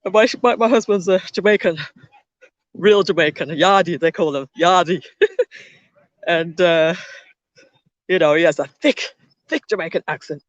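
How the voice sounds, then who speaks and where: A woman's voice: fairly low pitch, moderate pace, long pauses, dry recording, lo-fi sound. A woman hosting a livestream, chatting and telling a rambling story while walking outdoors in a park, with frequent restarts. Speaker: livestream host.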